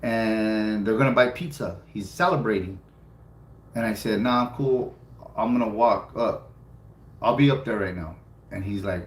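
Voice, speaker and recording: A man's voice: on the low side, normal speed. A middle-aged man from California telling a personal story in a casual live stream, blunt and swearing freely, often repeating himself for emphasis. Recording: roomy home room with faint ambience.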